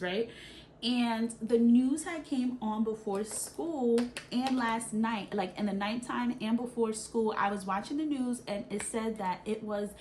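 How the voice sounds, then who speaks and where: Doing her makeup during a storytime, a Brooklyn vlogger in her thirties talks animatedly and keeps adding "right?". She has a mid-range voice, and a little hiss or hum sits under the audio.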